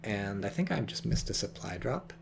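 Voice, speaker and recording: Rambling, low-voiced man casting a game. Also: animated, normal speed, gravelly, noisy background. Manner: rambling, joking, swears casually. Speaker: game caster. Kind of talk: casual game commentary.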